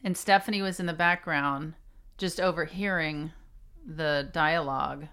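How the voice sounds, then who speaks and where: A woman's voice: low voice, unhurried, fairly bright tone, clean tone. A woman co-hosting a podcast in casual chat, with dry, teasing banter. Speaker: podcast co-host.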